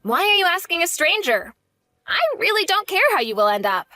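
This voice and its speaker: A woman's voice: very high voice, very animated, brisk, pushed and bright, no echo, studio quality, exaggerated voice. A woman voicing a blunt young wife who speaks in a cutting, direct way. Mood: cold.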